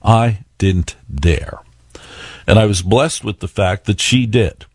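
A man's voice: lowish voice, slow, breathy edge, no room sound, studio quality. A man hosting a radio talk show, telling a story and asking listeners rhetorical questions. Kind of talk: radio monologue.

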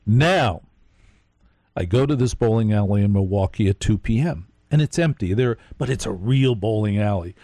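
A man's voice: on the low side, expressive, normal speed, dark tone, no echo, studio quality. A man hosting a live late-night radio show, telling a rambling story and speaking straight to his listeners.

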